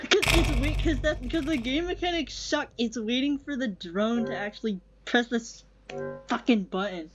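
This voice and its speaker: A woman's voice: on the high side, normal speed. A young woman playing a video game, frustrated, swearing and laughing at her own failures. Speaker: gamer. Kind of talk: casual gameplay commentary. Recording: dull lo-fi mic with game music. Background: game music.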